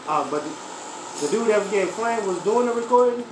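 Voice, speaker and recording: A man guesting on a casual podcast, cutting in with lively, joking remarks. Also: sits high, a little fast. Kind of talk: casual chat. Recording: echoey room with noise.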